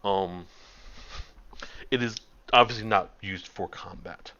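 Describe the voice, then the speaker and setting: A man's voice: lowish voice, takes it slowly, gravelly, bright, forceful tone. Rambling male game master, dull audio. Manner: rambling, many ums and restarts. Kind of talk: narrating a tabletop game.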